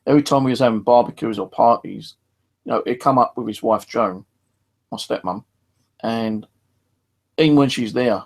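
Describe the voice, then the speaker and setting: A man's voice: mid-range voice, moderate pace, long pauses. A middle-aged man streaming, talking in a casual, rambling monologue full of fillers. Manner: rambling, many fillers and restarts.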